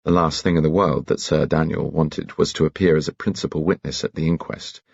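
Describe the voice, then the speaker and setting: A man narrating a detective novel in a measured, crisp reading. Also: rumbling low, steady tone, a little mellow, no echo, highs cut off. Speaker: audiobook narrator. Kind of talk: scripted narration.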